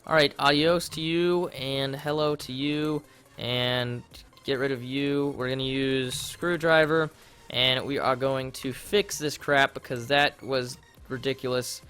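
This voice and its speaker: A young man casually commenting on his game during a livestream, rambling and easily flustered, and often breaking into loud, panicked yelling. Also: medium pitch, fairly even intonation, a little slow, clear, resonant tone, soft background music. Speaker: livestreamer playing a modded block game.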